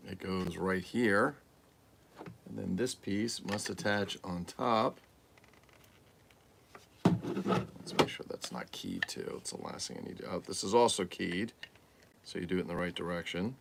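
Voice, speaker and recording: A deep-voiced man with a gravelly, creaky edge, rambling casually as he assembles a toy on a livestream. He mutters to himself, swears under his breath and tosses out crude jokes. Steady background noise runs under his voice. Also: normal speed, pauses often. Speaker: toy collector livestream host. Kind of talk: casual unboxing livestream chat.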